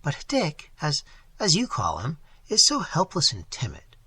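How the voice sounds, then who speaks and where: A man's voice: on the high side, huge pitch swings, measured pace, pushed and bright, breathy edge, heavily acted. A man voicing a saucy, teasing young woman with playful retorts in an audiobook.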